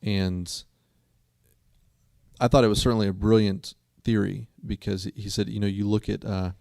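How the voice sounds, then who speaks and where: A man's voice: lowish voice, flat delivery, normal speed, creaky, a little mellow, dry recording, studio quality. A man co-hosting a casual talk show who tells stories in an earnest, rambling way. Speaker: co-host. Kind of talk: casual chat.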